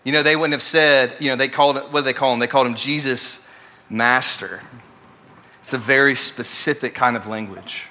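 A man's voice: mid-range voice, fairly even intonation, fast, few pauses, sharp tone. A young man from Alabama with a Southern accent, preaching a casual, story-driven sermon full of fillers and restarts. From Alabama, USA. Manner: conversational, many fillers and restarts.

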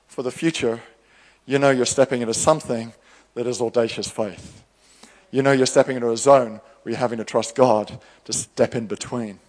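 A man preaching a sermon, animated, acting out the voices of the people he quotes. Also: mid-range voice, long reverb tail. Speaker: pastor.

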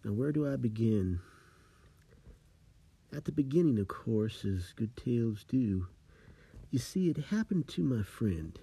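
Slow, gravelly, dark-voiced storyteller. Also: male voice, mid-range voice. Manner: slow, dramatic, rhyming delivery. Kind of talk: spooky storytelling.

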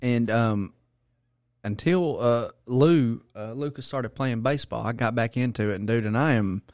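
Easygoing dad chatting on a podcast, normal pitch, dry mic. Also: male voice, moderate pace, darkish tone, no echo. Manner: easygoing, talks about his son. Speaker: podcast co-host. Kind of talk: casual podcast chat.

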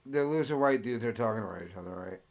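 A man's voice: mid-range voice, lively intonation, quick pace, darkish tone, no echo. A man co-hosting a livestream, cutting in with dry, teasing questions. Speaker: livestream co-host. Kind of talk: casual stream chat.

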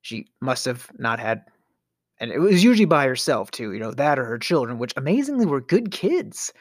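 A man's voice: medium pitch, big pitch swings, normal speed, no room sound, studio quality. A middle-aged man hosting a podcast, telling a storytelling rant in a theatrical way, with sighs, stammers and sudden whispers. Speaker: podcast host.

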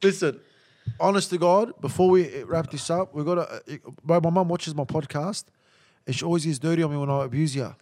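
A man hosting a podcast in rowdy, casual banter, swearing a lot, stammering, repeating "listen" and laughing loudly. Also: a little high, brisk. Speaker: podcast host.

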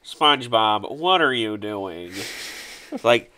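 A man impersonating a grumpy, irritated adult male cartoon squid with a slow, exasperated drawl. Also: fairly low pitch, lively intonation, pushed and bright, clear, resonant tone, heavily acted. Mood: annoyed.

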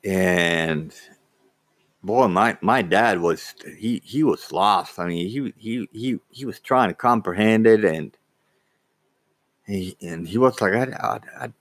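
Guy slowly telling a family story, stops and restarts a lot, dry sound. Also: low-pitched, no echo. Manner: halting, frequent restarts and repeated words. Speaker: vlogger. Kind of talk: casual personal storytelling.

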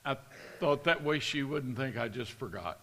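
A man's voice: mid-range voice, expressive, moderate pace, creaky, sharp tone. Older male preacher, reverberant hall. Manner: storytelling, building to impassioned rhetorical questions. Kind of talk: sermon.

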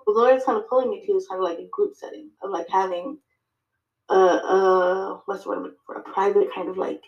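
A woman guesting on a podcast, telling her story in lively fashion, acting out her own dialogue, with many fillers and restarts. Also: mid-range voice, quick pace, roomy sound, highs cut off. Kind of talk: casual interview chat.

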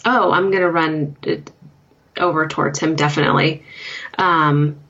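Woman, tabletop player, lowish voice, hesitant, fillers, dull lo-fi recording. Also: steady tone, normal speed, fairly bright tone. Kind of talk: tabletop game play. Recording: dull lo-fi sound.

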